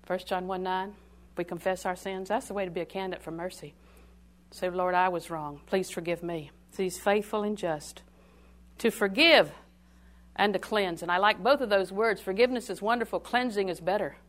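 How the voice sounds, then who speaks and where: An older woman preaching a sermon in a call-and-response style, swinging from loud declarations to hushed asides. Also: mid-range voice, moderate pace.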